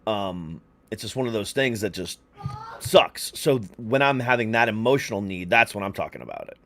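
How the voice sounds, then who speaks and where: A man with a fairly low voice co-hosts a relaxed podcast. He talks openly, pausing on ums and restarting his sentences. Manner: candid, filler-heavy talk with frequent ums. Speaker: podcast co-host. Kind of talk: casual podcast chat.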